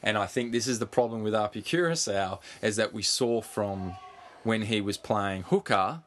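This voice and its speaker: A man co-hosting a casual sports podcast, animated, swearing freely and pushing on through interruptions. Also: on the low side, normal speed, slight background noise. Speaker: podcast co-host.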